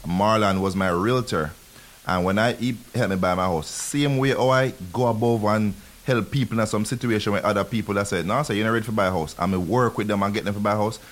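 A man from Jamaica with a Jamaican accent, a realtor guest talking fast on a radio show, mixing in patois. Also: lowish voice. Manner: fast talking, laughs easily, mixes patois. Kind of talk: casual radio interview.

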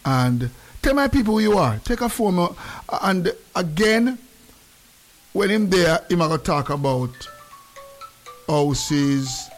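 A man's voice: high voice, slow pace, pauses often, faint music behind. A man hosting a casual radio chat, slipping between patois and English. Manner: animated, mixes patois and English. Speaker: radio host.

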